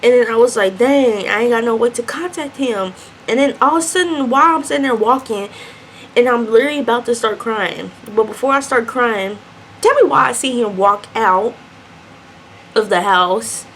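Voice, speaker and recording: A young adult woman vlogger chatting through a mukbang storytime, telling her story in an animated, chatty way between bites. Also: fairly high pitch, normal speed, slight background noise.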